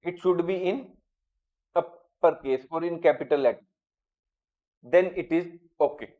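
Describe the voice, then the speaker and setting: A man with an Indian English accent, teaching a grammar lesson with slow, repetitive explanations. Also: on the high side, phone-quality sound.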